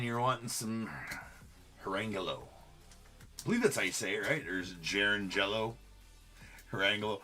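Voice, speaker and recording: A man with a low, crisp, bright-edged voice hosts a live card break, calling out each card and chatting with viewers. His commentary runs on with plenty of "uh"s. Faint music plays behind him. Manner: rapid running commentary with frequent filler words.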